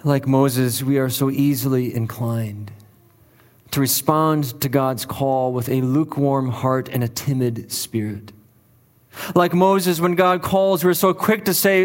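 A man's voice: medium pitch, measured pace, big-room sound. A male pastor preaching a sermon in an earnest, emphatic way, leaning on repeated phrases for weight.

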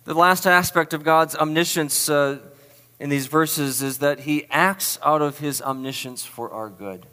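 A man's voice: on the high side, fairly even intonation, a little slow, pushed and bright, clear, resonant tone. A man preaching a sermon to a live audience, chatty and self-deprecating, quizzing the crowd with questions. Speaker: pastor. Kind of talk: sermon with a playful word quiz. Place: church hall with an audience. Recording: long reverb of a large hall.

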